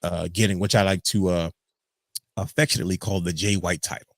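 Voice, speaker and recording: A man hosting a casual podcast chat, animated and joking as he rants. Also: sits low, fairly quick, no room sound. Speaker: podcast host.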